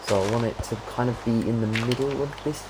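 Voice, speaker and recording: Speaking briskly at medium pitch, a young man rambles through casual commentary while streaming a game, thinking aloud between tasks. Keyboard typing clicks away in the noisy recording.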